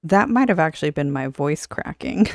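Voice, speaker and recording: A woman's voice: low-pitched, vocal fry, darkish tone, dry recording, studio quality. A woman co-hosting a podcast, chatting and explaining casually, with some swearing, into a podcast mic. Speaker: podcast co-host.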